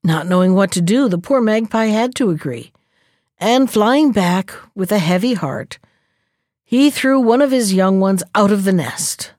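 Woman storyteller reading a fairy tale, gentle and expressive, dry no-echo sound. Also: mid-range voice, measured pace. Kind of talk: folktale read-aloud.

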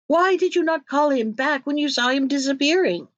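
A woman's voice: on the high side, big pitch swings, moderate pace, a little mellow, no echo, muffled recording. A woman reading the part of a king who is commanding but fretful, in a storybook reading. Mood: alarmed. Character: anxious, imperious old king.

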